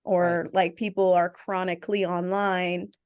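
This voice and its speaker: A woman hosting a podcast, chatting casually and telling family stories with quick asides. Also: on the low side, little pitch movement, darkish tone, clear, resonant tone, dull audio. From family from Jamaica. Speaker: podcast host. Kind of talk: casual chat.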